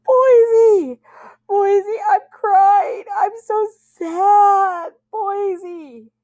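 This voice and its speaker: A woman's voice: medium pitch, expressive, a little slow, a little mellow, no echo. A woman reading aloud voices a moody, self-pitying teenage girl who pleads and wails melodramatically. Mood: wailing.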